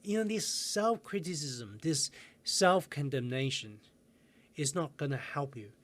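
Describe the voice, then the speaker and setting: A man coaching viewers in a self-help video lesson, calm and guiding, slowing down with pauses for breathing exercises. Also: fairly high pitch.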